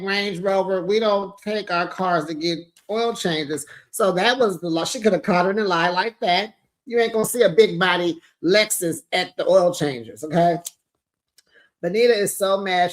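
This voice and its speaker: A woman hosting a casual reality TV recap, sassy and slangy, talking straight to her viewers. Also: on the low side.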